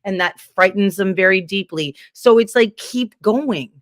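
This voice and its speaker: A woman from Canada talks in a heated, rambling rush, piling fillers and restarts into animated stories. Her voice sits at an ordinary middle pitch. The sound is dry and close, with no room around it. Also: moderate pace, no room sound. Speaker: guest. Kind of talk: casual political chat.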